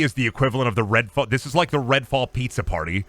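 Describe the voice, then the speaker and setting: A man's voice: mid-range voice, fast talker, hardly any pauses, a bit bright, no echo. A young adult man streaming a game, chatting in a rambling, profane, joking way. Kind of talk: casual livestream chat.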